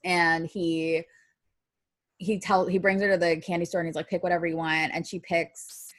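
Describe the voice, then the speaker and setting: A woman with a lowish voice chatting casually as a podcast co-host. She gets emotional and teary easily, and the recording is dry and close with no room sound. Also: flat delivery, normal speed, no room sound. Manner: emotional, tearful when talking about poems. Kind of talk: casual chat.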